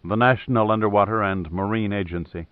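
A man voicing a calm, polite male investigator who speaks plainly. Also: lowish voice, a little fast, smooth, no room sound, close to an everyday voice. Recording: thin phone-like dry audio.

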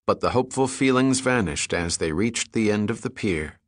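A man narrates an action thriller in a steady, even storytelling delivery. His voice sits low. The sound is dry and close, with no room echo. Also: moderate pace. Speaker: audiobook narrator. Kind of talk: scripted narration.

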